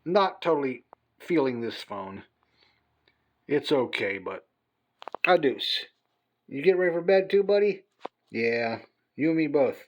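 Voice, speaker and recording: A man's voice: mid-range voice, lively intonation, measured pace, long pauses, slight background noise. Tired guy rambling into his phone at home at night, lots of uhs and restarts, regular mid voice. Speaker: hobby channel host. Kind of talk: casual chat to camera. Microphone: phone camera on a mount.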